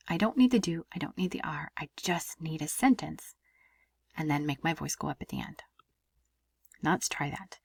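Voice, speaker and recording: A woman French teacher talks through a casual lesson with a lively, swooping voice. She often drops into a breathy near-whisper. The sound is close and dry, with no room echo. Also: fairly low pitch, moderate pace. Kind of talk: casual recorded language lesson.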